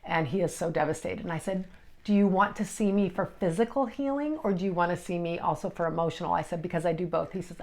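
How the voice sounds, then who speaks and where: Soft-toned middle-aged woman telling a personal story. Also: on the low side. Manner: emotional, halting, with many restarts. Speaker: energy healer.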